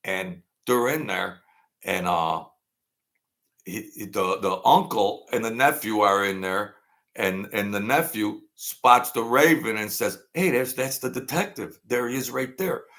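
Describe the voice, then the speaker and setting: A man's voice: fairly low pitch, unhurried, a bit bright. A man from Brooklyn, rambling through a story in a casual monologue, repeating phrases and acting out what people said. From Brooklyn, New York. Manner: rambling, repeats phrases, acts out quoted lines. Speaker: storyteller host.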